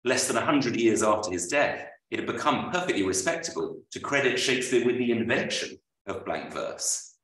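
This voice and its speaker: A man, an author, reading a prepared lecture aloud at a book launch, with measured, dryly witty delivery. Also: mid-range voice, lively intonation, a bit bright. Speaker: author presenting his book. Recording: roomy, voice from far off.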